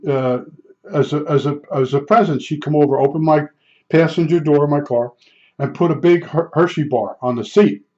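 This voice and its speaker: A man's voice: on the high side, darkish tone. An older man telling rambling, blunt stories in a vlog, with frequent restarts. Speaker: vlogger. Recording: dull lo-fi sound.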